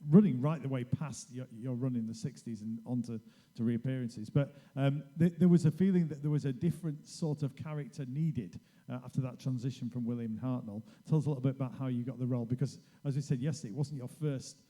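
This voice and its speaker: A man's voice: medium pitch, quick pace, mellow. A man hosting a convention panel, asking long, stumbling questions. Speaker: panel host. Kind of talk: interviewing guests on stage.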